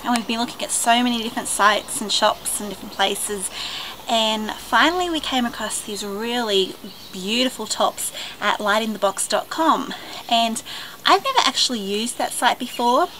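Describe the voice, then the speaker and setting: An Australian woman filming a casual unboxing vlog at home, gushing with excitement, gasping and squealing as she talks to a handheld camera. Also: fairly high pitch, moderate pace. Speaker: vlogger. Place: at home, partly outdoors by the driveway. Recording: noisy home camera recording.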